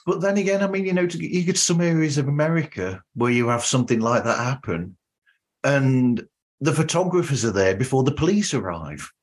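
A man's voice: medium pitch, lively intonation, brisk. A man from the north of England with a Northern English accent, hosting a podcast interview in an easygoing, chatty way. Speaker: podcast host. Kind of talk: casual interview chat.

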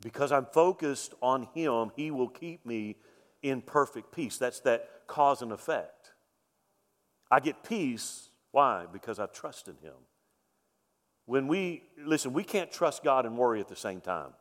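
Emphatic preacher in a reverberant hall. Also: male voice, mid-range voice, animated, measured pace. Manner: emphatic, repeats key lines, rhetorical questions. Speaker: pastor. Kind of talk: sermon. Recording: long reverb of a large hall.

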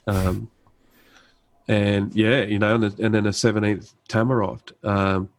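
Speaking a little slowly with little pitch movement, a man with a lowish voice tells a conversational story on poor audio. In his thirties, he's a guest and an army medic, laid-back, prone to fillers and restarts, and he acts out the dialogue.

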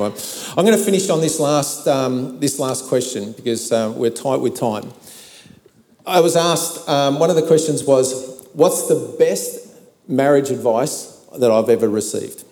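A man's voice: medium pitch, mellow. A middle-aged man preaching a sermon, telling a personal story in a chatty way with many fillers. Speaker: pastor. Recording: long hall reverb, faint music.

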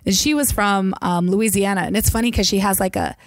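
A woman's voice: medium pitch, fairly quick, dry recording, studio quality. A woman in casual podcast chat, telling travel stories with lots of fillers and quoted voices.

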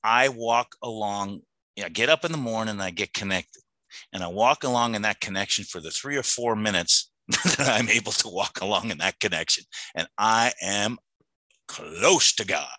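A man's voice: on the low side, normal speed, bright, forceful tone, no room sound, rough recording. Earnest man sharing his recovery story. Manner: earnest, emotional, repeats words and restarts. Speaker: recovery meeting speaker. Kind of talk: personal testimony talk.

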